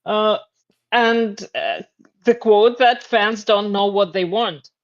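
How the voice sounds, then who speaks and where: A woman's voice: medium pitch, takes it slowly. A woman co-hosting a podcast, speaking bluntly and dismissively in casual chat. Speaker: podcast co-host. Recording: dull lo-fi sound.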